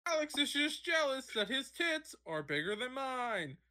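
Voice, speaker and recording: A man's voice: very high-pitched, sing-song, moderate pace, bright, forceful tone, voice pushed up, full character voice. A man doing a perky lady news reporter. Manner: exaggerated newscaster stress on mid-sentence words. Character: perky woman TV sideline reporter.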